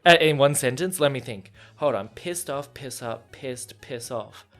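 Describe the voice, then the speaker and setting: A man's voice: medium pitch, measured pace, a bit bright, faint music behind. A young Australian man hosting a casual solo podcast, chatty and rambling, laughing often. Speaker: podcast host.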